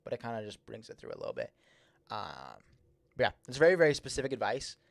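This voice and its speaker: A man's voice: on the low side, wildly swooping pitch, quick pace, creaky, no echo. Rambling young man hosting a music stream. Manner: rambling, repeats words, many fillers; says he slurs his S's a little. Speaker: livestream host reviewing music submissions. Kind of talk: casual livestream feedback.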